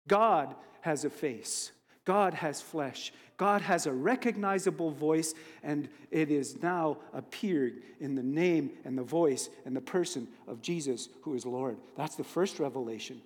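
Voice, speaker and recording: A man with a high voice preaches a sermon at a slow, deliberate pace. He is emphatic and drops casual asides, and his voice carries a long reverb from a church hall.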